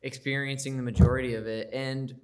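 A man's voice: mid-range voice, little pitch movement, brisk, darkish tone. A man chatting casually on a group podcast, easygoing.

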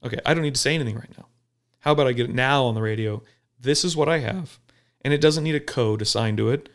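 A police officer talking bluntly and profanely in a casual podcast chat, telling animated stories. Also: male voice, mid-range voice, fast. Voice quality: gravelly.

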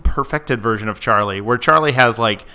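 A man's voice: mid-range voice, moderate pace, sharp tone, clean tone. A man co-hosting a podcast, recapping a movie in casual chat, saying "like" a lot and laughing easily. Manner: chatty, fills with "like" often, laughs easily. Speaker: podcast co-host.

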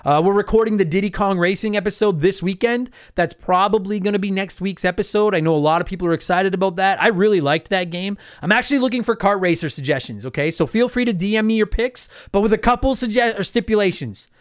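A man hosting his own podcast in casual solo chat, animated and emphatic, swearing freely as he talks. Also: high voice, quick pace, hardly any pauses, no room sound, studio quality. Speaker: podcast host.

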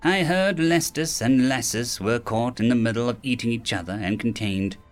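A man's voice: mid-range voice, normal speed, faint music behind, natural voice. A man voicing a mercurial ancient female fairy who swings from bubbly to snappish. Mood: airy. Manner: bubbly then snappish, theatrical.

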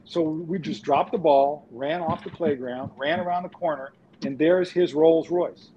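A man's voice: a little high, normal speed, few pauses, slight background noise. A man from New York, a former sportswriter, telling stories in a casual podcast panel and acting out voices. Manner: animated storyteller acting out voices. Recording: dull lo-fi audio.

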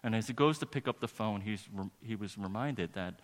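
Low-voiced male pastor in a reverberant hall. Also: brisk. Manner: earnest storytelling that swells to emphatic preaching. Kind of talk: sermon. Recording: long reverb of a large hall.

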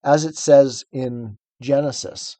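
A man's voice: medium pitch, fairly even intonation, slow, warm tone, no echo. A man co-hosting a podcast, talking through a book in an earnest, explanatory way. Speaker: podcast co-host. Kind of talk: casual book discussion.

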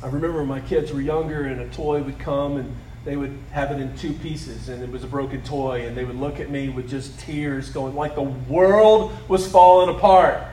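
Middle-aged guy preaching, chatty, gets loud then goes real soft, mic kinda far off. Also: medium pitch, fairly even intonation, moderate pace, echoey room, slight background noise. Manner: conversational preaching, swings from loud emphasis to soft, hushed asides. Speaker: pastor. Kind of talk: sermon.

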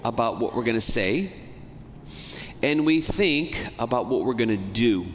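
A man preaching a homily as a priest, talking in a conversational way, asking the congregation questions and slowing down to stress key words. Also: mid-range voice, lively intonation, a little hiss or hum. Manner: slows down and stretches key words for emphasis. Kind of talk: sermon. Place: church. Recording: long church reverb, faint ambience.

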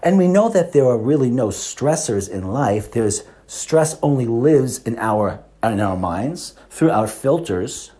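A man in his fifties hosts a health talk as a monologue and speaks straight to his listeners. His voice is mellow and warm, and his pitch swings widely as he lectures and poses rhetorical questions. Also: animated, a little slow, few pauses. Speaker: host.

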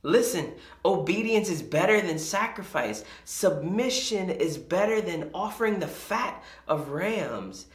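A pastor preaching a sermon, retelling scripture in a conversational, animated way with casual asides. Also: mid-range voice, unhurried, hardly any pauses, roomy sound.

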